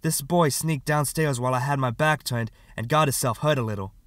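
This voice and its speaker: A man's voice: mid-range voice, fairly quick, a bit bright, no room sound, clean studio sound, lightly acted. A man voicing a stubborn, defensive mother, answering firmly and defiantly. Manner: firm, defiant replies.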